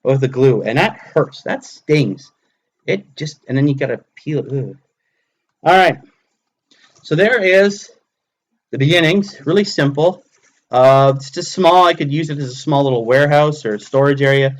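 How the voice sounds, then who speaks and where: The voice is a man's, fairly high in pitch and at a moderate pace. He's in his thirties and streaming live from his hobby table at home, casually walking himself through each step as he builds.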